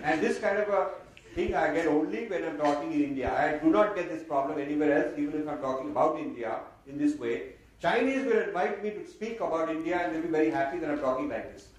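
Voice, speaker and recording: A man giving a lively, sardonic talk to an audience, slipping Hindi phrases into his English. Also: on the high side, a little fast. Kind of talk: lecture to an audience. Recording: very echoey hall, mic far off, faint noise.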